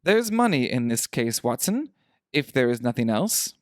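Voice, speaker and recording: A man reading a story aloud, voicing a shrewd, dry-witted male detective in a crisp, brisk manner. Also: medium pitch, big pitch swings, no echo, lightly acted.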